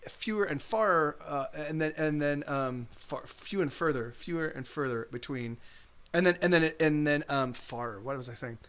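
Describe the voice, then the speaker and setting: A man's voice: a little high, normal speed, hardly any pauses, fairly bright tone, clean tone. A man streaming live as a musician, chatting casually between songs in a rambling way with many restarts. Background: guitar playing.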